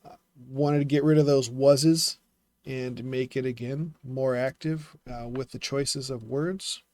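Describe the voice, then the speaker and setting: A man's voice: mid-range voice, fairly even intonation, a little slow, darkish tone, dry recording. Male vlogger, casual teaching tone, fillers and self-corrections, mid-range voice, dry recording. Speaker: self-publishing vlogger critiquing writing. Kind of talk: casual explanatory vlog.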